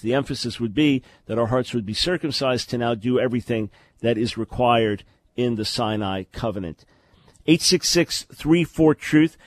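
A man's voice: medium pitch, dry recording. A man hosting a call-in radio talk show, explaining religious questions in a lecturing way with sarcastic asides.

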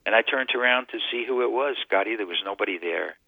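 A man calling in over a thin, tinny phone line tells his testimony as an earnest storyteller. His voice sits on the low side. The sound is dry and close. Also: fast talker, gravelly, no echo. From Connecticut. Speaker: radio guest. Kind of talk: telling a personal testimony.

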